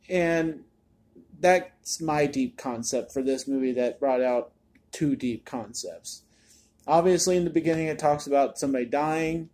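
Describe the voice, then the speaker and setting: A man's voice: fairly high pitch, darkish tone. A man giving a casual spoken movie review, chatty and exasperated, often repeating words as he restarts a thought.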